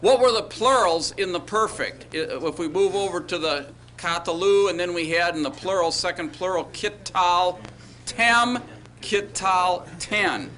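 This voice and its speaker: Slow high-voiced male Hebrew teacher. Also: bright, forceful tone. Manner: drilling students with call-and-response repetition; checks in often with okay and all right. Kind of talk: classroom lecture.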